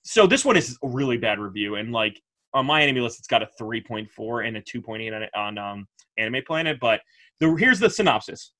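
A man co-hosting a podcast, chatting casually in an animated, rambling way and laughing often. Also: medium pitch, brisk. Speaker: podcast co-host. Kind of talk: casual chat.

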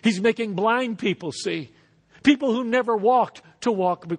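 A man preaching a sermon as pastor, animated, acting out voices and leading the crowd to repeat after him. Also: sits high, measured pace. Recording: reverberant hall.

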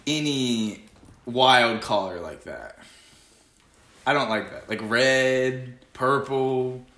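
A man's voice: medium pitch, slow pace, sharp tone, roomy sound. A young man co-hosting a podcast, chatting bluntly and jokingly with a friend, laughing easily. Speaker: podcast co-host. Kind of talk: casual chat.

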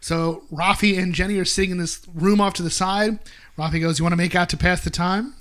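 A man's voice: high voice, fairly quick. A man hosting a casual podcast, animatedly recapping an episode and quoting characters. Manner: animated, quotes characters in bursts. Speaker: podcast host.

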